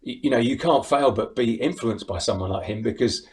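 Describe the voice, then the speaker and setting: A man's voice: medium pitch, fairly quick, a little mellow. A middle-aged English man chatting on a video call as an interview guest, laughing often and restarting his sentences. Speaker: impressionist guest. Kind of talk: casual interview chat.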